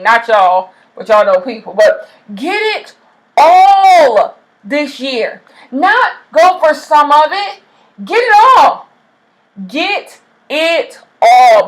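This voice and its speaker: A woman's voice: high-pitched, poor audio. A woman hosting a casual podcast, giving an emphatic pep talk while doing her makeup, repeating points for effect. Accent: loud regional accent. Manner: animated, preachy, emphatic repetition. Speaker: podcast host.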